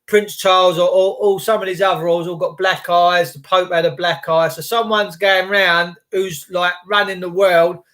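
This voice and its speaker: A man's voice: high-pitched, fairly even intonation, moderate pace, hardly any pauses, fairly bright tone. A middle-aged man rambling on a morning livestream, greeting viewers by name and swearing casually. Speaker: livestream host.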